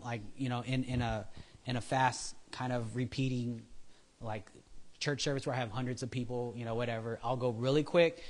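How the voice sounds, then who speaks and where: In a mid-range voice with a bit of brightness, a man gives an informal sermon. He chats freely, goes off on tangents, and mimics people's voices when quoting them.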